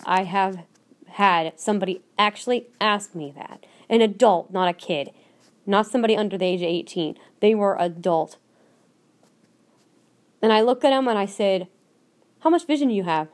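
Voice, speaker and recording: On her solo podcast, a Minnesota-based woman rants at a moderate pace in a mid-range voice. She's direct and emphatic, restating her points over and over.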